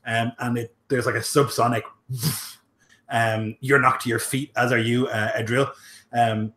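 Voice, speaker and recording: A man runs a fantasy tabletop game as game master, describing each scene in loose, filler-heavy narration. His voice sits in a middle pitch, and the recording carries a noticeable room echo. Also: level tone, normal speed, sharp tone. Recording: roomy echo.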